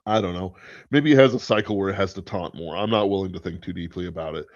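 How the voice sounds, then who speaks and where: Low-voiced man rambling, dull lo-fi audio. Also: quick pace, no room sound. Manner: rambling, thinks aloud, swears casually. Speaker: podcast host. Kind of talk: casual spoken commentary. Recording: dull lo-fi sound, dry.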